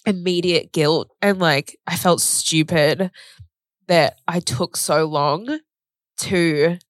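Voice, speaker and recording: A woman's voice: on the low side, slow, dry recording, studio quality. A woman with an Australian accent telling an emotional personal story in a chatty way, full of "like" and acted-out quotes. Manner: chatty, fillers of "like", acts out quoted speech.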